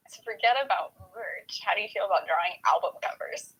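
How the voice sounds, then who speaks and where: A woman's voice: medium pitch, fairly quick, sharp tone, breathy edge, poor audio. A woman joining a friend's livestream for casual chat, with dry, teasing remarks.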